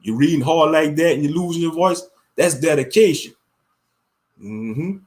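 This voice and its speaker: A man leading a fervent spoken prayer with a repeated cadence, then talking in loose, animated casual chat as a religious commentator. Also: a little high, normal speed.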